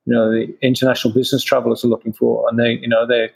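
A man's voice: mid-range voice, monotone, rapid-fire, vocal fry, breathy edge, low-quality recording. A man in an interview, a craft brewer answering questions with many restarts and fillers.

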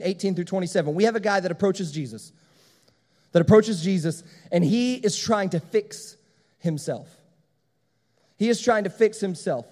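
A man's voice: high-pitched, darkish tone. A man preaching a sermon as pastor, emphatic and repeating his key phrases. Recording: long hall reverb.

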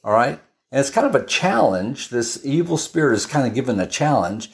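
Brief: male preacher, mid-pitched, conversational Bible teaching full of asides and restarts. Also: sing-song, brisk, creaky. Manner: chatty and storytelling, with frequent restarts and asides.

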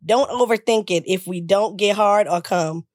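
A woman co-hosts a casual podcast and reads through a list frankly, with a playful edge. Her pitch is in the middle range, and the sound is dry and close. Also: moderate pace, no room sound. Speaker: podcast co-host.

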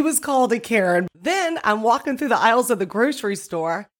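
A woman telling a story in a casual monologue, loud and animated, often laughing as she talks. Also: on the high side, brisk, hardly any pauses.

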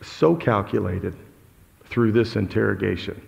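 A man preaching a sermon with passion, moving between loud outbursts and low, intense tones. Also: animated, measured pace, vocal fry, long reverb tail, muffled recording. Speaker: pastor.

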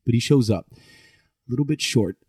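In studio-quality audio with no echo, a middle-aged podcast co-host speaks fairly quickly in an animated, mid-range voice that's a little mellow with a breathy edge. His casual chat wanders through stories, full of self-corrections.

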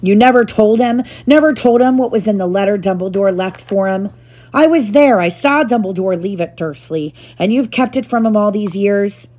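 A huge, bighearted giant of a man, booming and quick to anger, as a mother reading a storybook aloud puts him on. The voice sits high and loud, with a soft, mellow tone underneath. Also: big pitch swings. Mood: indignant. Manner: booming and exclaiming.

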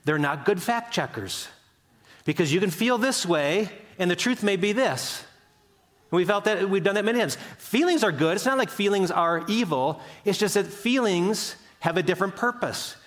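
An older man delivers a sermon in a warm, conversational storytelling way, his voice sitting a little high for a man. He acts out quotes with sudden jumps up or down in pitch. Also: animated, normal speed. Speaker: pastor.

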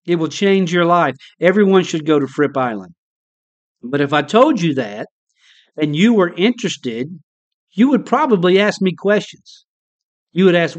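Male pastor, sermon delivery, fairly high voice, passionate and emphatic, swings loud to hushed, repeats words for build. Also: muffled recording. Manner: impassioned, with sharp swings between loud high emphasis and hushed low moments.

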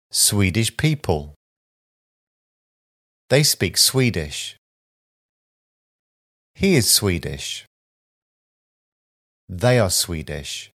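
A language teacher reads a vocabulary list aloud, slowly and deliberately enunciating single words and short sentences. His voice sits low and sounds a bit bright.

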